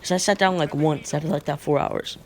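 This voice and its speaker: A woman's voice: low voice, fairly even intonation, brisk, slight background noise. A woman telling a casual storytime vlog, rambling with lots of fillers and slang.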